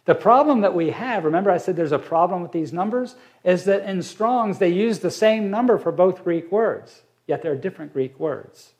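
A man teaching a Bible study, reading verses aloud and explaining them slowly with fillers. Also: high voice, expressive, darkish tone.

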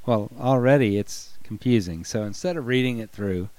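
A man with a cold and a raspy voice, co-hosting a conversational Bible study and explaining verses step by step. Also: medium pitch, moderate pace, darkish tone, dry recording. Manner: explains scripture step by step, affirming often. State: hoarse from a cold. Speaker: co-host of a Bible study show.

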